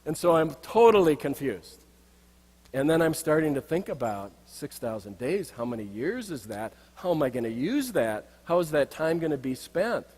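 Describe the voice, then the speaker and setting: Middle-aged male speaker, reflective storyteller at a banquet, a touch high in pitch, lots of reverb from the hall. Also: very animated, moderate pace, a little mellow. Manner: anecdotal, reflective, refers to slides. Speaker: banquet speaker, executive coach. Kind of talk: storytelling speech.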